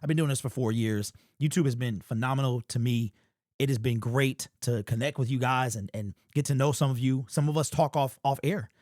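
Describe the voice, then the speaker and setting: A man's voice: mid-range voice, a little fast, a little mellow, no room sound, studio quality. A man in his forties hosting a casual fan commentary vlog, chatty and rambling with frequent restarts. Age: 40s. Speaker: sports YouTube channel host.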